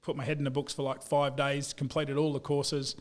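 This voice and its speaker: A man's voice: mid-range voice, fairly quick. An Australian man in his thirties, telling stories in a casual interview and calling everyone mate. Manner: animated storyteller, says "mate" a lot. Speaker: guest, business owner.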